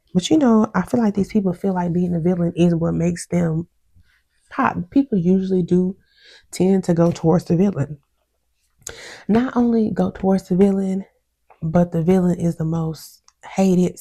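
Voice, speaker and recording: A woman's voice: fairly low pitch, vocal fry. A woman reviewing a reality show episode in a casual, outspoken vlog, full of slang and laughter, acting out what others said. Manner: chatty and animated, quotes others with mimicry.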